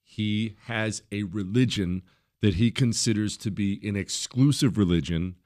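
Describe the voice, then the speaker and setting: This middle-aged talk radio host sounds unhurried and a little mellow as he delivers an emphatic, opinionated monologue. He quotes other people in high, mocking voices.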